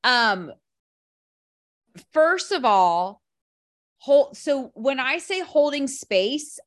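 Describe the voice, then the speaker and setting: A woman's voice: a little high, fairly bright tone. A woman coaching a group on a call, emphatic and chatty, leaning on "literally" and "like" and often restarting.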